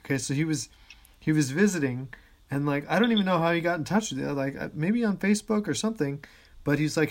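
A man with a slightly high voice hosts a relaxed podcast chat. He laughs easily and tells rambling anecdotes full of restarts. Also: quick pace. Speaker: podcast host.

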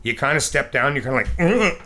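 A man co-hosting a podcast, telling a story in an animated, casual way and acting out sounds and quotes. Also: mid-range voice, brisk. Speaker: podcast co-host.

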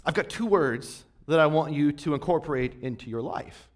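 A man voicing a blunt, deadpan male therapist in a retold comedy sketch, speaking in a flat, curt way. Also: fairly high pitch, moderate pace, pitched below the performer's own voice, lightly acted.

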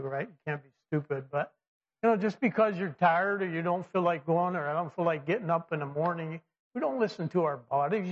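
Conversational preacher man, lo-fi sound. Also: on the high side. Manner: conversational with many fillers and restarts; lively, acts out quoted voices. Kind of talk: sermon. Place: church or classroom with slides. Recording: dull lo-fi sound.

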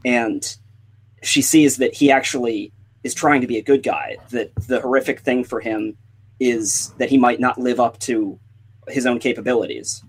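A man's voice: medium pitch, steady tone, moderate pace, slightly rough, low-quality recording. A man on a casual podcast, giving thoughtful, analytical commentary on a film. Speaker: podcast co-host.

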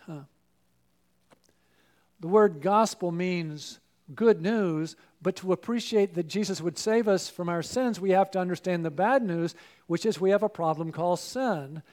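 High-voiced man preaching earnestly. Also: darkish tone. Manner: earnest, asks the listeners questions. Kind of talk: sermon.

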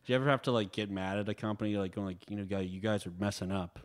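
Chatty, laughing podcast host. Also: male voice, on the low side, fairly even intonation, very fast. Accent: Pittsburgh. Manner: rambling, laughs often, acts out remembered conversations. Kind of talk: casual chat.

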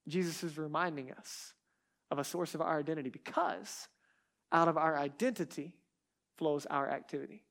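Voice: medium pitch, unhurried, fairly bright tone. A pastor preaching a sermon in a conversational way, with restarts and asides, who repeats key words for emphasis.

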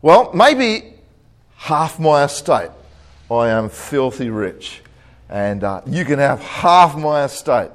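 A man's voice: medium pitch, sing-song, slow, pitched below the performer's own voice. A man playing a boastful, rich male Texan rancher in a joke within his sermon, in a showy, bargaining manner.

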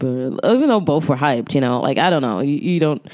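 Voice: medium pitch, sing-song, a little fast, darkish tone, dry recording, studio quality. A podcast co-host, telling stories in casual, slangy chat and laughing often. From New York. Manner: laid-back storytelling, slangy, laughs often.

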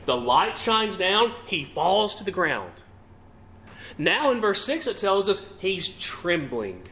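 Animated male preacher with a lively voice. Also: sits high, takes it slowly, slight background noise. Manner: asks the congregation questions, emphatic rising and falling delivery. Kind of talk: sermon.

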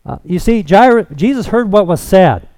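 A man preaching a sermon, expounding scripture in an emphatic, deliberate way. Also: high-pitched, animated, mellow, no room sound. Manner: slow, emphatic expository preaching.

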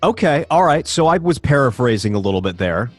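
A man's voice: medium pitch, very animated, brisk, no echo, faint music behind. A man co-hosting a podcast, teasing his co-host in casual chat. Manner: teasing, playful interviewer.

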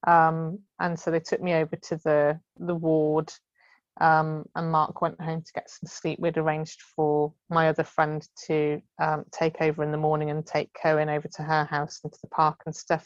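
Calling in remotely from home, a podcast guest in her thirties chats and tells casual stories, laughing a lot and performing quoted voices. She speaks at normal speed in a low, monotone voice, and the recording is dry and close with a slightly dull, muffled call quality.

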